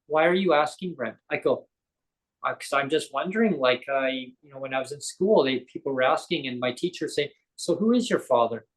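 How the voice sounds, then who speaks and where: A man with a medium-pitched voice and lively intonation speaks fairly quickly, though the audio is poor. As a guest on a live interview show, he rambles through a personal story, often correcting himself and acting out quoted dialogue.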